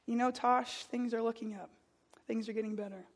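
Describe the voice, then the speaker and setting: A woman voicing a kindly male high school teacher who speaks gently and reassuringly. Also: fairly even intonation, fairly quick.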